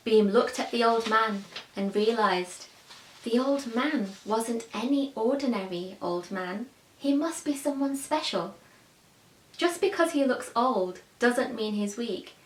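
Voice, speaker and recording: A woman's voice: a little high, slow. A woman telling a children's story expressively, asking her listeners questions, in an echoey room.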